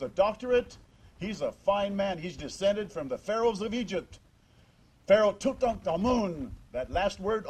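Older man with a high voice, giving a eulogy. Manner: emphatic, with rhetorical questions. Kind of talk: memorial speech. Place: memorial service in a church.

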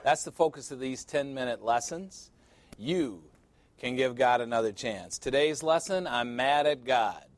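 An earnest male pastor teaches a short recorded Bible lesson and speaks straight to the viewer. His voice sits at an ordinary middle pitch. The sound is dry and close, with no room echo. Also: a little slow. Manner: earnest, direct address to the viewer.

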